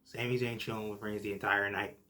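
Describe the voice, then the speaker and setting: A young man hosting a casual podcast recap, excitable and full of "like" and "literally", swinging from low muttering to shouting. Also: a little fast. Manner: heavy use of filler like "like" and "literally". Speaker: podcast host.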